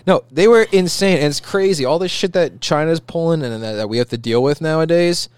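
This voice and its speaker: A man chats quickly and excitedly, peppering his talk with swearing. His voice is clear and smooth, and the recording is dry and close. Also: on the high side, no room sound. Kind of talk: casual chat.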